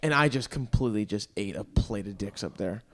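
A man's voice: on the low side, lively intonation, fairly bright tone. A man co-hosting a podcast, a stand-up comic telling stories casually, swearing and acting out quotes. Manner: quick, swears, acts out quotes in his stories. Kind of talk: casual podcast chat, storytelling.

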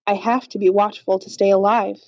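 A woman puts on a frightened young captive woman with a soft, pleading, trembling way of talking. The voice is mellow and dry, and the recording is slightly dull and lo-fi. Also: medium pitch, flat delivery, moderate pace, no room sound, close to an everyday voice. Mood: earnest.

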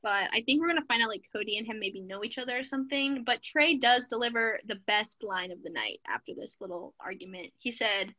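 A woman co-hosting a podcast, recapping a TV show in an opinionated, animated casual chat. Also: fairly high pitch, fairly quick, hardly any pauses, dull audio. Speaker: podcast co-host.

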